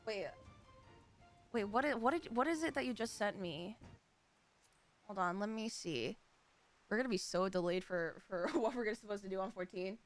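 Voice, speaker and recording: An American woman streamer chatting casually, giggly and excitable. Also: medium pitch, moderate pace, long pauses, faint music behind. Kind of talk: casual live-stream chat.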